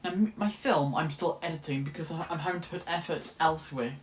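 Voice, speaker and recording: A man's voice: fairly high pitch, a little fast, slight background noise. A young man, chatting casually to camera as a student vlogger, rambling and correcting himself as he goes. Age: late teens. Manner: chatty, rambling, often restarts and self-corrects. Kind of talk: casual vlog chat.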